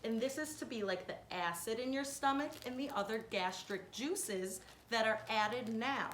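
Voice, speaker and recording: A woman with a fairly high voice walks children through a hands-on science lesson one step at a time. She explains clearly and patiently. The recording rings around an echoey room, with a faint hiss underneath. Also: normal speed, a bit bright. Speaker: science teacher.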